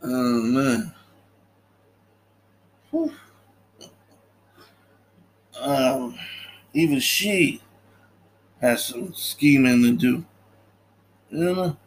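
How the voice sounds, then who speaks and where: A man's voice: mid-range voice, drawn-out words, pauses often, poor audio. A man casually recapping a movie's story, loose and chatty, often acting out the characters' lines and laughing. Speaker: podcast host recapping a film. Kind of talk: casual film recap chat.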